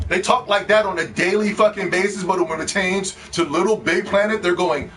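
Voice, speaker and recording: A man's voice: high-pitched, moderate pace, long pauses, fairly bright tone. A man giving a profane, scornful rant about video games, mocking other players as he talks, with faint music behind. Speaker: video game commentator. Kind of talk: ranting game commentary.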